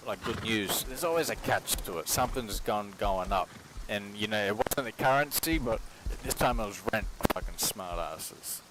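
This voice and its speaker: A man's voice: fairly low pitch, normal speed. A man from Australia, rambling and swearing in a casual stream chat from his kitchen. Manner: rambling, profane, slangy. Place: home kitchen while cooking. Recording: noisy home stream audio.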